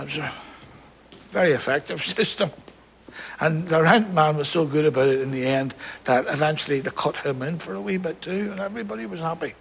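An actor playing an older grandfather from Belfast, telling stories with dry humour and gentle warmth. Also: on the high side, creaky, slight background noise. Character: wry, warm-hearted old Belfast grandfather.

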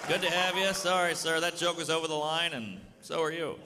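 A man with an American accent doing a wry stand-up set with crowd work on a comedy club stage. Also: a little fast. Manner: wry, shifts between bright and low asides. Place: comedy club stage before a live audience. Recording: live hall with audience and background noise.

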